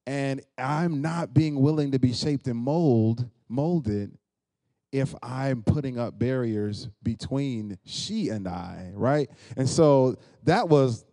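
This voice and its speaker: A man's voice: medium pitch, dark tone, dry recording. A man candidly and reflectively sharing a personal story of faith in casual talk.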